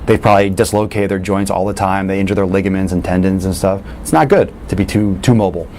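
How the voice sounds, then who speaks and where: A man coaching fitness in a casual question-and-answer talk, blunt and animated, swearing freely. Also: deep voice, quick pace, slight background noise.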